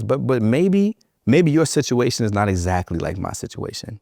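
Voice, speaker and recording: A man's voice: medium pitch, big pitch swings, normal speed, gravelly, a little mellow, no room sound, clean studio sound. A man giving a motivational keynote to educators, emphatic and repeating phrases for effect, telling personal stories with humor.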